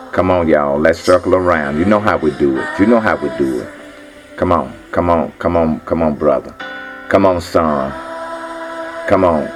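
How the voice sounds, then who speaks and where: Deep-voiced man coaxing, guitar behind. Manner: coaxing, repetitive, folksy. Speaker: prayer leader. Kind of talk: informal church prayer call.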